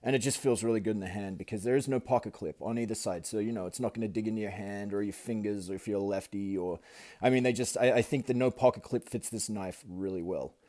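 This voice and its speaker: A middle-aged man talks through a knife review in a casual, rambling way, stopping on fillers and restarting his sentences. His voice sits a little low and sounds warm and mellow rather than bright. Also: fast.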